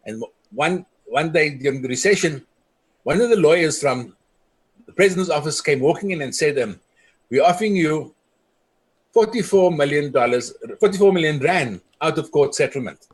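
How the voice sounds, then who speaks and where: A man's voice: a little high, expressive, moderate pace, breathy edge. A middle-aged man from South Africa, a community leader giving an impassioned speech, telling stories earnestly and quoting the people he met. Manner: earnest storytelling, quoting others.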